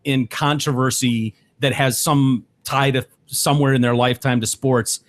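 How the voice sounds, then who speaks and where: A podcast co-host with a steady, mid-range voice talks bluntly about sports and TV at normal speed. The chat is casual, and he swears and rants often.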